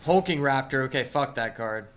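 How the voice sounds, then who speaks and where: A man streaming a card game, commenting live in an excitable, exasperated way and swearing often. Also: medium pitch, moderate pace, a little hiss or hum.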